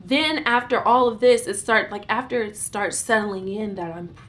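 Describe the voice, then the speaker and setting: A young adult woman vlogger telling a storytime, recounting events in an animated, dramatic way with bursts of giggling. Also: mid-range voice, moderate pace. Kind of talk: storytime vlog.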